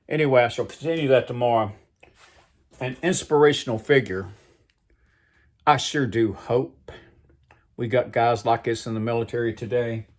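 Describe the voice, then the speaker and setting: Rambling man reading aloud to his camera. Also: mid-range voice. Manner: rambling, self-deprecating, wry. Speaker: channel host. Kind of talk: casual reading and commentary. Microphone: webcam framing.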